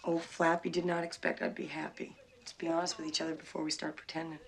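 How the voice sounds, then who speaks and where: An actress playing a frank, teasing young newlywed daughter in a film. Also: female voice, low-pitched, little pitch movement, fast talker, lightly acted. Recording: film audio with background noise.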